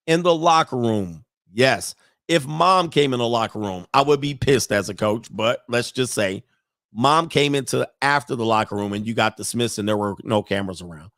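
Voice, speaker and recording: Man, sports commentary host, casual and animated, swoops up in pitch, dry close sound. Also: no echo. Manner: animated, laughs often, with sudden high-pitched outbursts.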